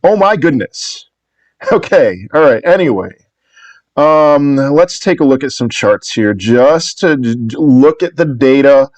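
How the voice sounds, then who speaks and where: A man's voice: mid-range voice, expressive, unhurried, a little mellow, no echo. A man giving casual video commentary on markets, rambling and upbeat, often restarting and correcting himself. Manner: upbeat and reassuring.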